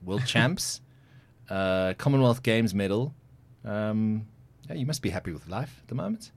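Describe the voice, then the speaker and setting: A man's voice: fairly low pitch, animated, moderate pace, darkish tone. A man hosting a podcast interview, chatty and joking, often correcting himself. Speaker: podcast host. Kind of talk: casual interview chat.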